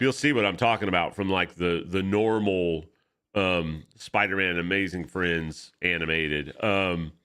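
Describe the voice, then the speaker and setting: A man chatting casually while drawing at his art desk, excitable, profane and rambling. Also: sits low. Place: home art desk with camera setup.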